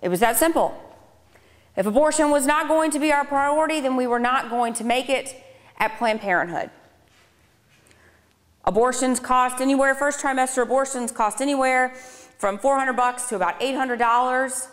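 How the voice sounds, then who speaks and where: A woman in her thirties with a high-pitched voice speaks at normal speed to a live audience. On a speaking tour, she delivers a conversational personal testimony with dry, sarcastic asides, and the lecture hall lends the recording a reverberant quality.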